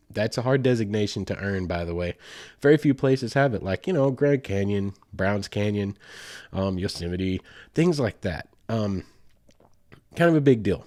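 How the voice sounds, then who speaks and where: Deep-voiced Southern man, chatty and rambling. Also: dark tone, no echo, clean studio sound. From Southern United States. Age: 40s. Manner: chatty and rambling, with asides and fillers. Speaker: podcast host. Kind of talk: casual storytelling.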